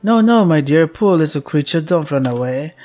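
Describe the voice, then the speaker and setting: Haughty noblewomen who taunt in high, sing-song sneers, put on by a man reading a game. Their mockery sits over soft game music. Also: lively intonation, moderate pace, lightly acted. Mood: haughty mocking. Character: cruel, mocking noble ladies at a party. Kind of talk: voicing a visual novel character.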